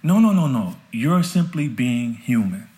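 A man's voice: medium pitch, sing-song, measured pace, darkish tone. A man guest on a podcast interview, talking earnestly and with heartfelt fervor.

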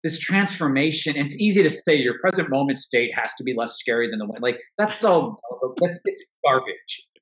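A man's voice: medium pitch, animated, moderate pace, fairly bright tone. A middle-aged man, a coach, talking earnestly and reflectively in an interview, often restarting his sentences. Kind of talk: interview conversation. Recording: roomy echo.

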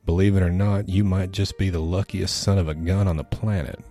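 A man's voice: low-pitched, steady tone, a little fast, mellow, soft background music. A man voicing an easygoing small-town police officer with a thick Southern drawl. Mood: folksy.

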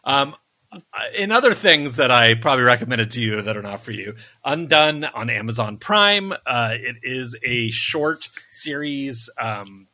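A man's voice: medium pitch, pushed and bright. A man co-hosting a casual review podcast, rambling with lots of ums and self-deprecating asides. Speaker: podcast co-host.

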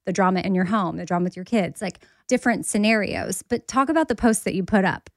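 A woman co-hosting a podcast in casual, animated chat, laughing often. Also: mid-range voice, quick pace, dry recording, studio quality. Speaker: podcast co-host.

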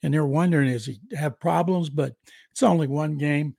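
A man's voice: fairly high pitch, moderate pace, creaky, darkish tone, slightly rough, dry recording. An older man co-hosting a sports podcast, giving dry, matter-of-fact takes on football. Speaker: football writer and co-host.

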